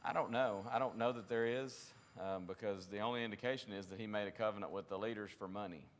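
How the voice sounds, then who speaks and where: Man, Bible class teacher, lowish voice, conversational, reverberant church room. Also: fast. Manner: conversational, with frequent restarts and acted-out quotes.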